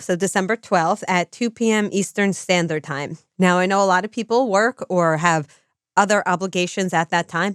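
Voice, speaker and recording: A woman's voice: lowish voice, clean tone, no room sound, clean studio sound. A woman co-hosting a podcast, speaking in an organized, explanatory way. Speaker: podcast co-host and lecturer. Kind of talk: casual podcast chat.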